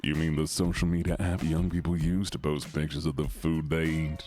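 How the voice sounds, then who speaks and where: A man voicing a gruff, stubborn older sushi chef from a video game, talking slowly and dismissively. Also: a bass voice, little pitch movement, a little mellow, faint music behind, voice pushed down. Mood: grumpy.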